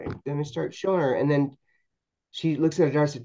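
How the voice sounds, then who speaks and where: Mellow-voiced man telling a story. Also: fairly high pitch, highs cut off. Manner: halting, with frequent repeated words and restarts. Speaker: podcast guest, paranormal investigator. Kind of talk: storytelling anecdote in a podcast interview.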